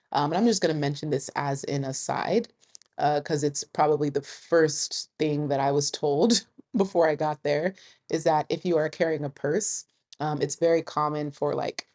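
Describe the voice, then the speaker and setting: Woman, thirties, low voice, casual vlogger, chatty, laughs often. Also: darkish tone. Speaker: travel vlogger. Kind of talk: casual talk to camera.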